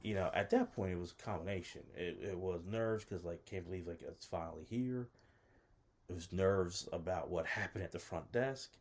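Deep-voiced man rambling through a story. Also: normal speed. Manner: rambling, self-interrupting, lots of "like"; nervous, self-conscious. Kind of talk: casual personal anecdote.

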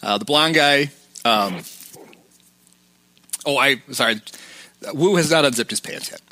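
Bright-voiced male podcast host. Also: medium pitch, unhurried, dry recording. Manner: recounting scenes, quoting lines, chuckling. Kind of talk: casual chat, retelling film scenes.

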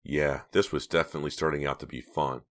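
A man reading an audiobook in steady, measured scripted narration. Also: extremely low pitch.

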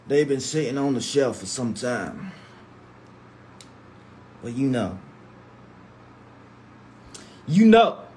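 On a casual livestream, a man reads viewers' comments aloud and responds with lively, foul-mouthed slang into his phone. His voice is mid-range and he takes it slowly, with slight background noise.

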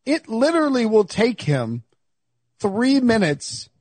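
A man hosting a casual sports podcast, his voice high-pitched and a touch husky. He talks in animated, exasperated bursts, stumbling and restarting as he riffs. The recording is dry and close, with no room sound. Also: takes it slowly, dry recording. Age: adult, married. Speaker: podcast host.

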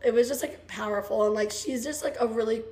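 A young woman co-hosting a podcast in casual chat, her voice worn hoarse, talking in a bubbly, gushing way full of "like"s. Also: on the high side, quick pace, darkish tone. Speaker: podcast co-host.

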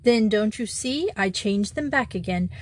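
A woman voicing a meek, apologetic little male country priest who speaks simply and gently. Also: medium pitch, expressive, unhurried, a little hiss or hum, close to an everyday voice.

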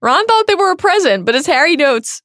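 A woman co-hosting a podcast, retelling book chapters in an amused, expressive way. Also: extremely high pitch, a little fast, no echo, clean studio sound. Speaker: podcast co-host. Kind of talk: casual book recap chat.

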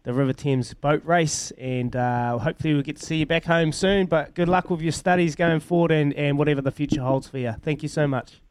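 Young kiwi bloke co-hosting, easygoing, bit hesitant, dry sound. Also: male voice, on the high side, a little fast, hardly any pauses, clear, resonant tone, dry recording. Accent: New Zealand. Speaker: co-host. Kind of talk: casual chat.

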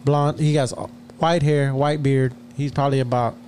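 A man's voice: medium pitch, flat delivery, normal speed, darkish tone, slight background noise. A man co-hosting a podcast, telling a rambling story in casual chat, laughing a lot and restarting his sentences. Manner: rambling, laughs often, many fillers and restarts. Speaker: podcast co-host.

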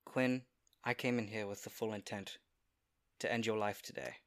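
A fierce male adventurer speaking with intent and menace, as a player acts him. His voice is bright and forceful. Tabletop role-play. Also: lowish voice, steady tone, moderate pace, no room sound, studio quality, natural voice. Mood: resolute.

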